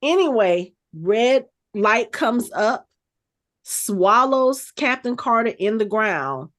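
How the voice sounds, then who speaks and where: A woman co-hosting a podcast, casually recapping an episode with animated, chatty storytelling. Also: on the high side, slow. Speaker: podcast co-host.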